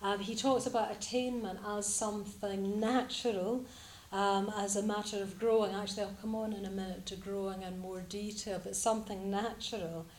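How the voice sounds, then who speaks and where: A woman's voice: medium pitch, echoey room, slight background noise. A woman from Scotland giving a reflective Buddhist talk to a group, hesitant and full of fillers.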